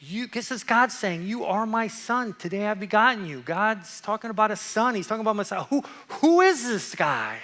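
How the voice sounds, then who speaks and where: A man preaches with a playful, animated delivery, jumping from loud excitement to hushed asides. His voice is bright and forceful, and it rings with the long reverb of a church hall. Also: high-pitched, a little fast, hardly any pauses. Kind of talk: lively sermon.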